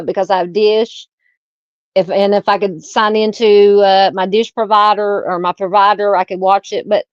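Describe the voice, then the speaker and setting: Hosting a laid-back live chat, a Southern American woman with a medium-pitched voice reads out viewer comments and chats along. The sound is lo-fi but has no room sound.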